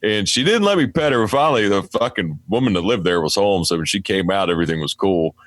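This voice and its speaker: West Virginian guy, lower voice, dry close sound, swears a lot, tells work stories. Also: expressive, quick pace, dry recording. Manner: profane, storytelling, acts out his own talk to dogs. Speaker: podcast guest, mail carrier. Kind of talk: casual chat.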